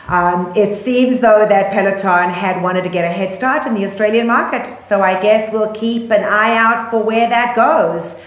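A woman's voice: medium pitch, echoey room. A woman with a South African accent co-hosting a casual news podcast, chatty and full of ums, laughing easily. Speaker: podcast co-host.

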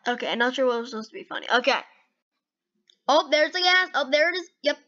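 Speaking fast in a high voice, a woman delivers eager, chatty reactions while hosting a gaming video, leaning on "okay" and "dude" over and over. The audio is lo-fi.

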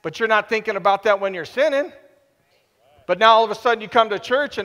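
Male pastor, sermon, high voice, animated, hushed-to-loud swings, long church reverb. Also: quick pace. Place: church sanctuary.

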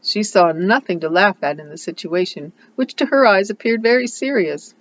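A reader narrating a classic novel in steady, plain storytelling. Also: medium pitch, normal speed, dull audio.

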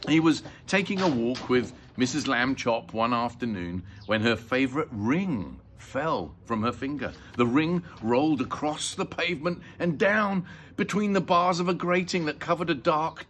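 An older man reading a children's book aloud in an expressive, lilting way. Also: a little high, measured pace, a little hiss or hum. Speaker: storyteller.

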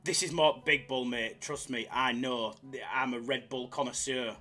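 A man's voice: mid-range voice, fairly even intonation, unhurried, bright, forceful tone, soft background music. A man streaming slots live, bantering with chat in a jokey, hyped-up way. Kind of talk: casual live-stream chatter.

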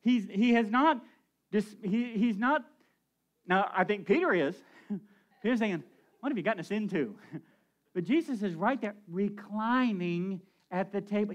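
A man with a notably high voice preaching to his congregation. He talks in a lively, animated way, asking the room questions and chuckling between points. He sounds like a pastor in the middle of a sermon. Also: dull audio.

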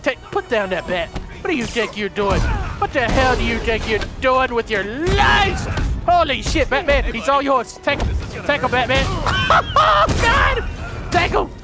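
High-pitched excitable male gamer. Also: normal speed. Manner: loud, excitable, swearing, shouting at the game. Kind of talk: let's play commentary. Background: game music.

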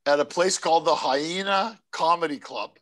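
A man hosting a casual chat, telling comedy-club stories in an animated way and acting out voices. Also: on the high side, normal speed. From Greek heritage. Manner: animated storyteller, acts out voices in anecdotes. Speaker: podcast host and comedian.

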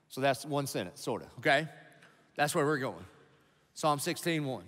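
A man's voice: mid-range voice, animated, moderate pace, pauses often, fairly bright tone. A male pastor preaching an emphatic sermon, driving his points home with punchy rhetorical questions to the congregation. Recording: long reverb of a large hall.

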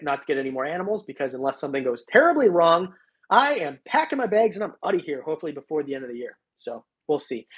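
Husky, rambling man on a live stream. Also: a little high. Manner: rambling, chatty, thanks viewers by name. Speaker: reptile channel host. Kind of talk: casual live stream chat.

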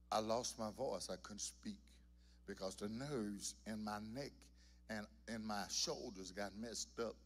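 A church singer shares his testimony with the congregation during a worship service in the sanctuary, telling it in a folksy storytelling manner. His voice is lowish with a fairly bright tone.

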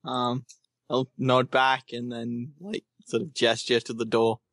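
A man's voice: medium pitch, little pitch movement, measured pace, fairly bright tone, no room sound. A man playing a tabletop game over voice chat, joking and playful. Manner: jokey, playful. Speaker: player.

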